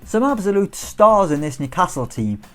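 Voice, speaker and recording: Chatty guy, really expressive voice, talking through a football manager save. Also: high voice, normal speed, soft background music. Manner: chatty, upbeat, rhetorical questions. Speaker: gaming YouTuber. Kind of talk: football management game commentary.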